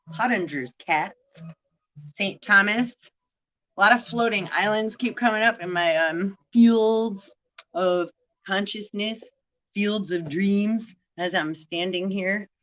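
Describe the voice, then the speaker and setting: A woman's voice: medium pitch, a bit bright, muffled recording. A woman vlogging a rambling spiritual monologue, profane and full of free-associating word play.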